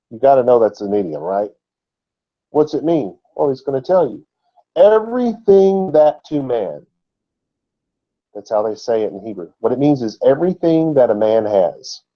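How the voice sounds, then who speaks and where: A man's voice: medium pitch, mellow, highs cut off. A man giving a conversational Bible teaching, explaining texts and asking rhetorical questions. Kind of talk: sermon-style Bible teaching.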